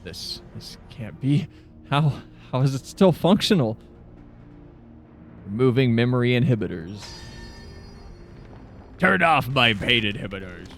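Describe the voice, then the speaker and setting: A man's voice: mid-range voice, sing-song, unhurried, gravelly, long pauses, fairly bright tone, faint music behind, heavily acted. A man voicing a desperate male villain from a game, panicked and pleading. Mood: shaken. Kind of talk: voicing game dialogue on stream.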